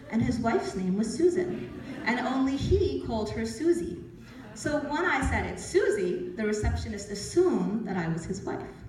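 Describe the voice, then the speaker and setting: A woman in her forties giving a storytelling talk as an author, lively and acting out the voices she quotes. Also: fairly high pitch. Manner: lively, acts out quoted voices, laughs often. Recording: echoey hall, speaker from far off.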